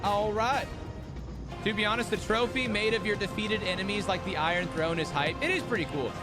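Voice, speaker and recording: Hosting a casual live-stream watch party, a man with a fairly quick, high voice rambles and swears freely while chatting with his audience over background music. He's animated yet sleepy, yawning as he goes.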